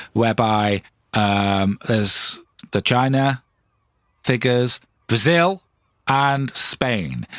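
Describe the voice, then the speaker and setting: Lively, ranting man. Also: medium pitch, dry recording. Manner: ranting, self-mocking, lively. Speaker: podcast host. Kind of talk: comedic monologue.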